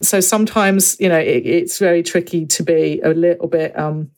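A woman's voice: fairly low pitch, moderate pace. A woman, a secondary French teacher and parent, chatting on a video call and acting out the voices of people she quotes. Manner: animated storyteller, acts out quoted voices. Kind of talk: casual podcast conversation.

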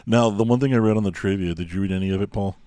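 A low-voiced man talks casually on a podcast, retelling scenes with a curse here and there. He is recorded dry and close, with no room echo. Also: rapid-fire, mellow, smooth. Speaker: podcast co-host. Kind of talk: casual chat.

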